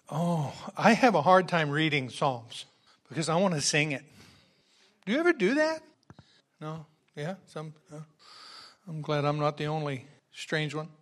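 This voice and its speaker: High-voiced, unhurried preacher man. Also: animated. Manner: swings from quiet asides to loud exuberant exclamations. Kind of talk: sermon with scripture reading.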